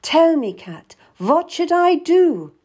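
A woman's voice: extremely high pitch, very animated, slow, darkish tone, pitched above the performer's own voice, heavily acted. A woman reading aloud, voicing a grieving young noblewoman who pleads for honest advice. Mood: pleading.

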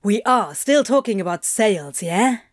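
A woman's voice: mid-range voice, lively intonation, normal speed, dry recording, natural voice. Sardonic young salesman, dry wit; a woman narrator does him. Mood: sarcastic. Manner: dry, sarcastic.

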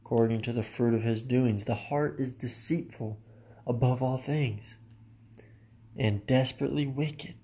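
A man's voice: medium pitch, measured pace, creaky, warm tone. A man preaching a sermon in an earnest, direct way, often addressing listeners as his friend.

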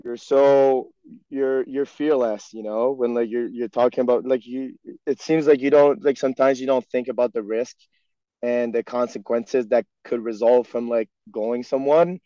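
A man's voice: medium pitch, fairly even intonation, moderate pace, mellow, no echo. A young man whose first language is French, speaking English with a French Canadian accent, rambling in a casual podcast chat full of "like" and "you know". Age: young adult. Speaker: guest, pro hockey player. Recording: dry, dull lo-fi sound.

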